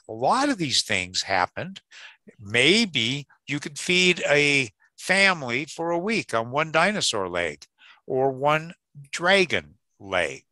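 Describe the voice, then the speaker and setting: A man's voice: medium pitch, bright, forceful tone, no echo. A man giving a live seminar lecture in a chatty, joking way, often checking in with the audience and chuckling at his own jokes. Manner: chatty, jokey, checks in with "okay?" and "right?". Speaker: creation science seminar speaker.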